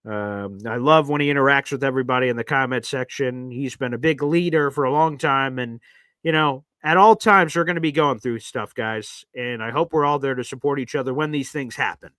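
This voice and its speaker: Chatty bright-voiced male sports host. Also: medium pitch, a little fast, no echo. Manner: animated, chatty, shifts between hype and heartfelt. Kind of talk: live-stream fan show chat.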